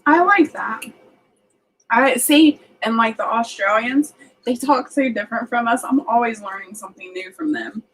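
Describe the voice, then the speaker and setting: A woman's voice: on the high side, normal speed, fairly bright tone, a little hiss or hum, poor audio. A woman with a Southern US accent, casually chatting on a livestream and reading out viewer comments as she rambles along.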